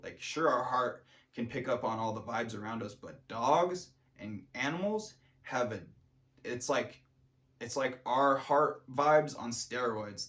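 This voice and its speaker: A man's voice: mid-range voice, a bit bright. A man talking casually to camera in a rambling vlog monologue, full of fillers and restarts. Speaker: vlogger.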